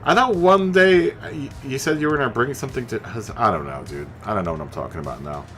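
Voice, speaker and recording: Rambling streamer guy with a lively voice. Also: mid-range voice, quick pace, faint music behind. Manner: rambling, laughs at his own jokes. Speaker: live-streamer playing a racing game. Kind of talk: casual chat with live chat viewers. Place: home streaming setup. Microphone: studio mic through a mixer.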